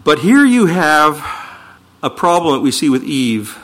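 Male pastor mid-sermon: emphatic delivery, lively rising and falling pitch, a touch high. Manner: emphatic, swings from slow declaiming to quick asides. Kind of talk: sermon with scripture reading.

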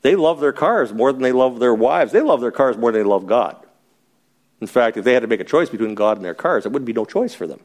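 A man's voice: medium pitch, expressive, fairly quick, a little mellow. A middle-aged man as a pastor, teaching a Bible study in a conversational, joking way and asking the group questions.

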